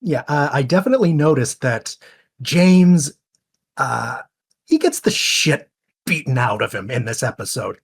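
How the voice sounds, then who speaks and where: This man has a husky voice that moves up and down a lot. He speaks in a hesitant, stumbling way during a casual commentary chat. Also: mid-range voice, very animated, a little slow. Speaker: commentary guest.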